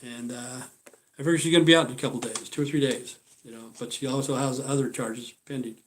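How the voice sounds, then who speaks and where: A man's voice: medium pitch, steady tone, fast. A man telling a story to his livestream viewers in a rambling, profane, casual way. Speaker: livestream host.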